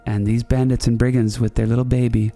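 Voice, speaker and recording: A man's voice: mid-range voice, little pitch movement, fast, mellow, soft background music. A man hosting a comedy podcast, telling a rambling story in a playful way and correcting himself as he goes. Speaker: podcast host. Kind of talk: comic storytelling.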